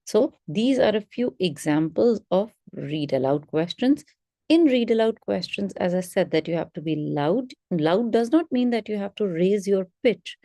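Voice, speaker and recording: A woman's voice: on the low side, dark tone, dry recording, clean studio sound. A woman teaching test preparation in a webinar, in an instructive way that stresses key words. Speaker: English test prep teacher.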